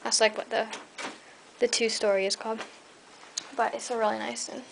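A woman's voice: flat delivery, normal speed, creaky, slight background noise, low-quality recording. A tired young woman rambling through a casual tour of her pets' cages at home, filled with fillers. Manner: rambling, chatty, many fillers; high coaxing voice when calling her pets. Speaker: pet vlogger. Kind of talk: casual pet cage tour. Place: indoor room at home. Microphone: handheld camera mic.

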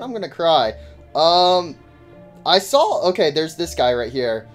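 A man giving casual gameplay commentary to his chat, excitable and joking in slang, yelping and shouting when startled. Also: fairly high pitch, unhurried, faint music behind. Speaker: gaming YouTuber.

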